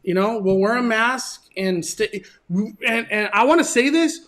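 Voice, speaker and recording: Speaking unhurriedly and expressively, this channel host from Southern California shares his story in a casual, heartfelt, emotional way, frequently starting sentences over. His voice is strikingly high and a bit bright.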